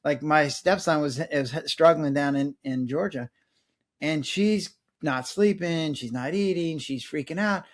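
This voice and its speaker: A middle-aged man, a former doctor, talking casually in an interview and acting out quick bits of dialogue. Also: on the high side. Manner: animated, acts out patients' and his own lines in voices. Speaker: guest, former physician.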